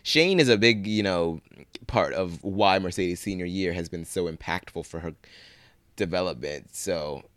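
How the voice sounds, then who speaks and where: Low-voiced man in casual recap chat. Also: normal speed, no echo. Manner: animated, acts out characters' lines in quotes. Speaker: podcast co-host recapping a TV episode.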